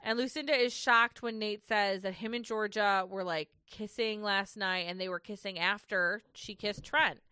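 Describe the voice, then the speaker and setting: A woman's voice: mid-range voice, steady tone, normal speed, hardly any pauses, pushed and bright, clear, resonant tone, no echo, clean studio sound. A woman co-hosting a casual recap podcast, ranting, swearing and laughing as she goes. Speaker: podcast co-host.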